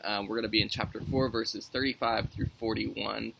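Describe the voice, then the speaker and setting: A man's voice: lowish voice, fairly even intonation, moderate pace, gravelly, very noisy. A man leading a youth Sunday school lesson outdoors, talking in a friendly, conversational way as he reads and explains scripture. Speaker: youth minister.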